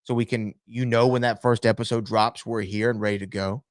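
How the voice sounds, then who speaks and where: A man's voice: on the low side, steady tone, brisk. A man hosting a podcast in casual chat, easygoing and hesitant, reading out listener messages. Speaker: podcast host.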